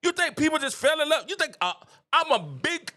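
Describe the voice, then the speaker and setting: A middle-aged man with a very high, bright voice that swings widely as he rants to his live-stream viewers. He is animated and preachy and hammers his points home by repeating phrases. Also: brisk. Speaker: live-stream show host. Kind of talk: casual opinion rant to viewers.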